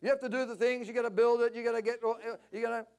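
A man preaching a passionate sermon at a church service, climbing to near-shouts. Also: extremely high pitch, steady tone, rapid-fire, smooth. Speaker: pastor.

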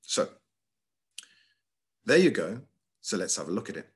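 Middle-aged headmaster, lively slide lecture over a video call, low voice. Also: male voice, measured pace. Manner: lively, emphatic, with frequent ums and uhs. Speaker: school headmaster giving a talk.

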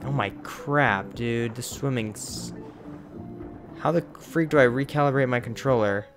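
A man's voice: medium pitch, measured pace, faint music behind. A man giving casual gameplay commentary as a let's play host, grumbling and exasperated, with mild minced oaths.

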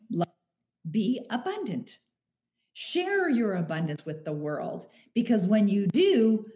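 Woman, middle-aged, live-stream host, warm, emphatic, drawn-out key phrases. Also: lowish voice. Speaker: podcast host answering listener questions. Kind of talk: live-stream motivational talk.

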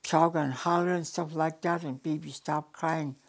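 Older woman, low-pitched, from the Yukon, oral storyteller, unhurried with frequent restarts. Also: fairly even intonation, gravelly. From Yukon, Canada. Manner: unhurried, restarts and repeats words, plain direct phrasing. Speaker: elder storyteller.

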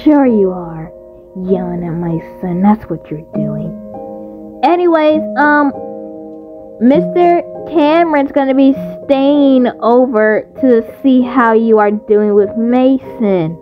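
A woman acts out an indignant mother in a homemade roleplay movie, high-pitched and slow-spoken as she scolds. The recording is dull and lo-fi, with faint music underneath. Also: fairly even intonation. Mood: cold. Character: angry protective mother, stern and indignant. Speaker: voice actor.

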